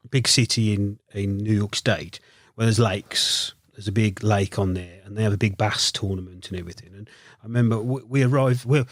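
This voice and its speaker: Brummie man, podcast guest, animated storytelling, dry studio sound. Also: lowish voice, normal speed, dry recording. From Birmingham, England. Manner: animated storyteller, acting out others' lines. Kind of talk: casual anecdote telling.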